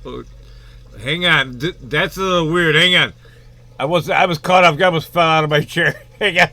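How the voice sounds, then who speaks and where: A man's voice: fairly high pitch, moderate pace, sharp tone, no room sound. A man giving rambling, casual reaction commentary on a video, full of fillers and the odd swear.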